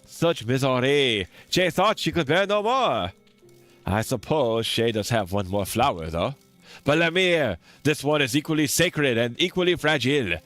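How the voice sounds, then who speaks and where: A man voicing a grieving old female mourner in a game, in a put-on French accent, reading slowly and dramatically with stumbles. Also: medium pitch, sing-song, fairly bright tone, faint music behind, pitched above the performer's own voice. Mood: mournful.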